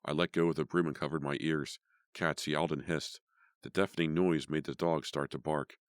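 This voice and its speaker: A man narrating a teen horror audiobook in a measured, even storytelling voice. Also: a bass voice, clean tone, no echo, clean studio sound. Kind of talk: scripted narration.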